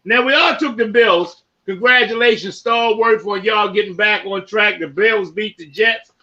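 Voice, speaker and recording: A man hosting a casual sports podcast, running through football results and giving shout-outs to listeners by name. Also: high-pitched, normal speed, lo-fi sound. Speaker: podcast host.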